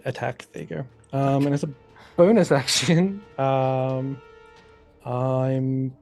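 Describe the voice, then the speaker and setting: A man playing a tabletop game, talking in a relaxed, hesitant way with ums. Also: mid-range voice, slow, soft background music. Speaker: player. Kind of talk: casual tabletop game play.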